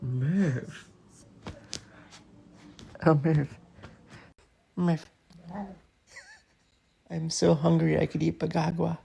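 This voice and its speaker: A woman's voice: sits low, fairly even intonation, very slow, creaky, pauses often, dark tone. A woman talking to her cat at home in playful, teasing baby talk, giggling often. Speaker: pet owner.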